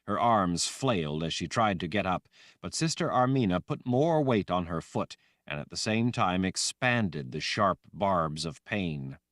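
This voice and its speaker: A man reading a fantasy audiobook aloud in a dramatic, expressive way. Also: low-pitched, measured pace, no room sound, clean studio sound. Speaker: audiobook narrator. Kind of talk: scripted fantasy audiobook narration.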